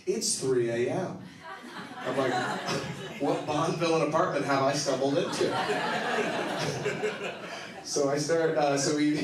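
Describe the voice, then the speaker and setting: A man doing stand-up, telling a long story with animated acted-out quotes and bursts of laughter. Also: medium pitch, slight background noise. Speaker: stand-up comedian. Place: comedy club stage. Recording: echoey room, from a distance.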